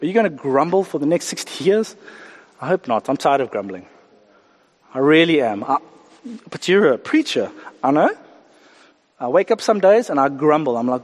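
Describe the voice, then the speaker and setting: A man preaching a sermon, animated, acting out the voices of the people he talks about. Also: on the high side, moderate pace, pauses often, in a large hall. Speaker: pastor.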